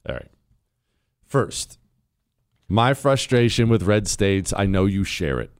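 A man's voice: lowish voice, measured pace, pauses often. A man hosting a political talk show, reading listener messages and talking them through. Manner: animated, reads listener messages, mocking voices for quotes.

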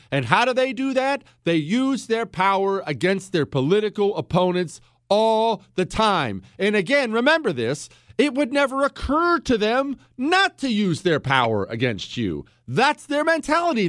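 A man hosting a talk radio show, his voice riding high and swinging widely in pitch as he hammers home each point. He talks bluntly and keeps firing rhetorical questions. The sound is dry and close, like a studio booth. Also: a bit bright, no echo. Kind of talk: opinionated political talk radio monologue.

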